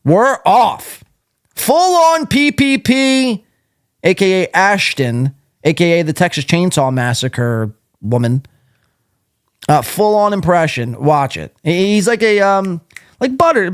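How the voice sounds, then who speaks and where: A man's voice: a little high, sing-song, measured pace, dry recording, clean studio sound. A man hosting a live podcast, riffing in crude, mocking commentary. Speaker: podcast host.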